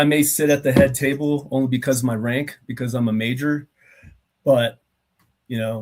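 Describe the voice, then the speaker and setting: A man's voice: medium pitch, creaky, darkish tone. A middle-aged man in a mid-range voice speaks as a guest on a video call. He talks thoughtfully and loosely, with frequent filler phrases as he recalls things. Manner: reflective, many filler phrases. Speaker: guest, retired army officer. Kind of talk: casual interview chat.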